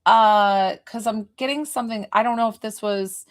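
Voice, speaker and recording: A woman's voice: medium pitch, steady tone, normal speed. A woman working as a psychic medium, giving a live reading in a rambling, hesitant way with many fillers and restarts. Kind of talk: live spirit reading to a viewer.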